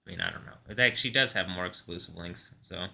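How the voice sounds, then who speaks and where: A man hosts a live stream in loose, rambling commentary, laughing often and swearing freely. His voice sits a little low, yet its tone is strikingly bright and sharp. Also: fast talker, creaky. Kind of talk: casual reaction stream commentary.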